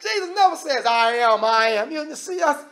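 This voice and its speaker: A man's voice: very high-pitched, animated, moderate pace. A man preaching a sermon as minister, emphatic and conversational, often restarting his sentences. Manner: preaching with emphatic, shifting loudness.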